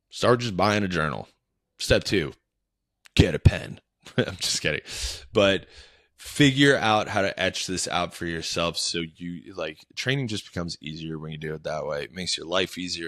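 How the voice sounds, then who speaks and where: Young guy coach rambling on his podcast, deep voice, dry close sound. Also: fairly bright tone, no room sound. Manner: rambling, loose and unscripted, with many fillers and restarts. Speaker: fitness coach and podcast host. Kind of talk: casual solo podcast talk.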